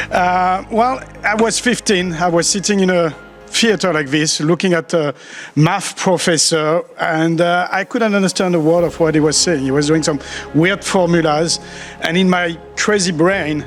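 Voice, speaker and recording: A man from France with a French accent, giving a chatty, playful, self-mocking conference talk in a large auditorium. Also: on the high side. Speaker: conference speaker.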